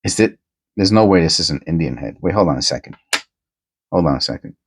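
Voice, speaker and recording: A man hosting a casual coin-hunting vlog, rambling and excitable, often tacking "man" onto his sentences. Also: sits low, a little fast, background noise.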